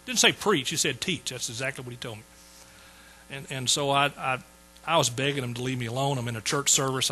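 A man's voice: mid-range voice, sharp tone, slight background noise, rough recording. A man in his sixties telling his conversion story in a folksy sermon, repeating phrases for emphasis. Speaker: preacher. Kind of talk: sermon testimony.

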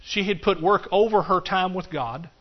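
A middle-aged man preaches in a folksy, animated way, talking straight to his congregation between points. His voice sits a little higher than most men's. The recording is slightly dull and lo-fi. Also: normal speed. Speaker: pastor. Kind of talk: sermon.

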